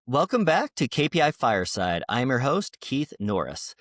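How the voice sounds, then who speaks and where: A man's voice: mid-range voice, very animated, moderate pace, hardly any pauses, loud music behind the voice. A man hosting a podcast, reading a scripted intro and then chatting in a friendly, easygoing way. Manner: friendly, easygoing, some filler words. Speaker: podcast host.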